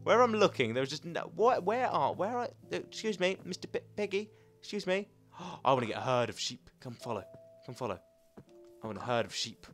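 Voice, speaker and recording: A young man commenting as he plays a video game, chatty and excitable, talking to the animals in the game. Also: on the high side, fairly quick, soft background music. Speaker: gaming commentator. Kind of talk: playing a game with live commentary.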